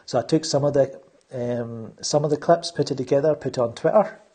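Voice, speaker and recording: A man in easy podcast conversation, his voice a little husky at an ordinary middle pitch. He rambles along and keeps restarting his sentences around plenty of fillers. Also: fairly quick, dark tone. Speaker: channel host. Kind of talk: casual podcast chat.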